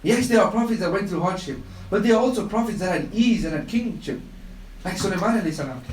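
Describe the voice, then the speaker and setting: A man with a high voice gives a religious talk live on the radio, telling his stories with passion and repeating phrases for emphasis. He sounds set back from the mic in an echoey room. A faint hiss sits under the voice. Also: lively intonation, fast, recorded from a distance. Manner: impassioned storytelling with emphatic repetition. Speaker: Islamic speaker on a radio show.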